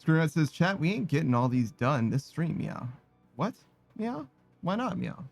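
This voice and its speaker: Gravelly-voiced man streamer saying meow constantly. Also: on the high side, sing-song, normal speed, soft background music. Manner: tacks a meow onto nearly every sentence; laid-back, tired, laughs and swears often. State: tired. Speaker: live streamer. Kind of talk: casual stream chat reading viewer messages.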